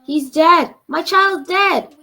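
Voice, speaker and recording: A woman reading aloud and voicing a desperate village mother with loud, high, frantic cries. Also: slow, creaky, heavily acted.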